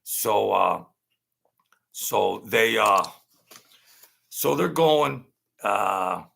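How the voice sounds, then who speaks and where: A man's voice: fairly low pitch, lively intonation, drawn-out words, vocal fry, bright, forceful tone. An older man, telling a rambling story in street slang and often repeating himself. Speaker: channel host. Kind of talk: casual storytelling.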